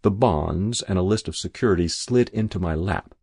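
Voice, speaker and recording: A man's voice: low voice, normal speed, darkish tone, husky, no echo. A man reading a first-person story aloud in a wry, dry storytelling manner. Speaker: narrator. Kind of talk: audiobook narration.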